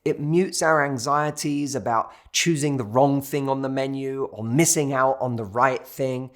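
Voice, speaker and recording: A man's voice: mid-range voice, steady tone, measured pace. A man with a British accent giving relationship advice straight to camera and telling a story to make his point. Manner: storytelling, acts out quoted waiters. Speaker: dating coach. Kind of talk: direct-to-camera advice talk.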